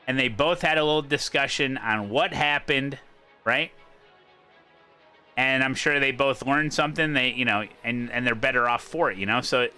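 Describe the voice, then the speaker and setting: A man's voice: medium pitch, bright, forceful tone. A man hosting a sim racing livestream, talking casually and rambling, breaking off and circling back to his point. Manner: rambling, self-interrupting, repeats his points. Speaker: sim racing streamer host.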